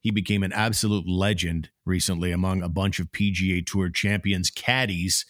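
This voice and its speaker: A man's voice: low-pitched, level tone, moderate pace, a bit bright, dry recording, clean studio sound. A man hosting a casual sports podcast, talking in an easygoing way with many fillers. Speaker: podcast host.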